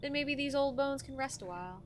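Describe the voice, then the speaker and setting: A woman's voice: sits high, brisk, lightly acted. A woman voicing a sassy old grandmother who wheedles to be let in, with folksy old-timey phrasing. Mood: wheedling.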